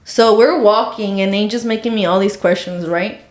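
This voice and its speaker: A woman's voice: mid-range voice, moderate pace. A young woman co-hosting a podcast, telling a story in a casual, rambling way with lots of "like"s. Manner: rambling, filler-heavy storytelling with many "like"s. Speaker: podcast co-host. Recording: roomy echo.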